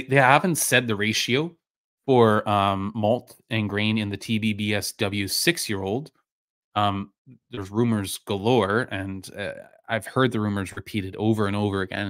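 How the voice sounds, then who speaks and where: A man hosting a live stream, chatting casually and answering viewers in a loose, rambling way with lots of fillers, his voice going a little hoarse. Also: lowish voice, moderate pace, no room sound, studio quality. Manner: relaxed, rambling, many fillers and restarts. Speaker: live-stream whisky reviewer, host.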